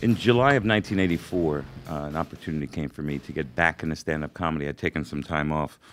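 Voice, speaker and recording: An older man from Brooklyn with a faded Brooklyn accent, hosting a casual interview and rambling with many pauses. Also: a bass voice, fairly bright tone, soft background music. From Brooklyn, New York. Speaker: podcast host.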